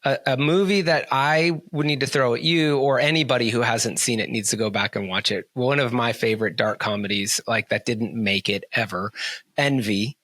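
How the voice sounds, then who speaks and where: A man's voice: medium pitch, moderate pace, a bit bright, no echo. Male podcast co-host, enthusiastic rambler, plain mid voice, dry close mic. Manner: rambling, enthusiastic, many restarts. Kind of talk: casual chat.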